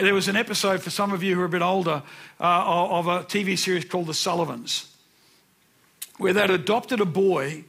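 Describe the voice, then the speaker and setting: A man's voice: high voice, creaky, sharp tone, husky. A man in his sixties preaching a sermon, telling personal stories earnestly and repeating words for emphasis. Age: 60s.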